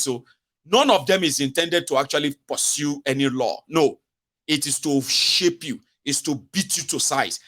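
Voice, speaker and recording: On this political live-stream, the Nigerian-accented host speaks in a fairly high, animated voice that is a bit bright, at normal speed. He mocks as he goes, mimics the people he quotes, and mixes in pidgin.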